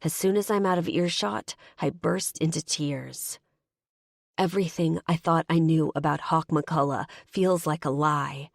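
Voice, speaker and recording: A woman narrating a first-person audiobook in a steady, measured reading voice. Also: deep voice, vocal fry, dry recording, studio quality.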